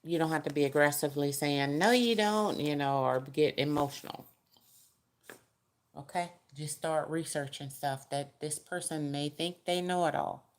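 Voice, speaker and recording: Low-voiced woman reading tarot. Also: fairly even intonation, moderate pace, a little mellow. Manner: chatty, folksy, gives direct advice. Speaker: tarot reader. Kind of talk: casual tarot reading to the viewer.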